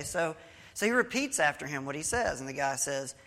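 Delivering a sermon in a hall with long reverb, this male pastor has a medium pitch, a creaky, sharp tone, and a slightly fast delivery. He reads scripture and tells a story in a conversational manner, with small restarts along the way.

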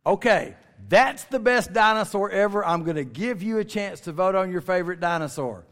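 A man's voice: high-pitched, animated, moderate pace, a bit bright. A man giving a folksy, joking talk to a family audience, stretching words for emphasis. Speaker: speaker at a creation ministry. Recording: long reverb of a large hall.

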